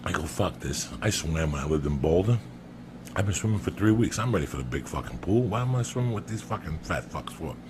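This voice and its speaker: A man's voice: sits low, animated, fairly quick, background noise. A man telling a crude, comic story on a podcast, swearing often and calling his listener by name. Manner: profane, emphatic, keeps addressing the listener by name.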